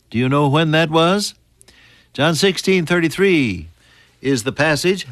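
An older man preaching a sermon in an earnest storytelling manner, climbing high for emphasis and sinking to soft whispers. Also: no echo. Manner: earnest storytelling, pitch rising sharply on emphasis and dropping to near whispers.

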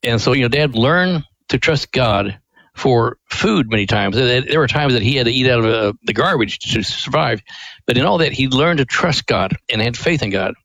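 A man's voice: medium pitch, lively intonation, normal speed, a bit bright, dry recording, low-quality recording. Folksy older male storyteller on radio. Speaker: ministry president, guest. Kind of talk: storytelling interview.

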